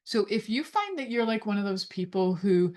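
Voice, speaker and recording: A woman's voice: medium pitch, animated, moderate pace, darkish tone. A middle-aged woman hosting a show, talking casually and rambling into digressions with many fillers. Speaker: host. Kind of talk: casual talk on intimacy.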